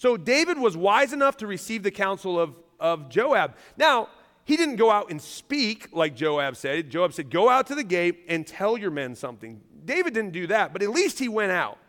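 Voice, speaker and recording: A man preaching a sermon as pastor, animated and self-deprecating, joking and laughing with his congregation. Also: sits high, normal speed. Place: large church hall. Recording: long hall reverb.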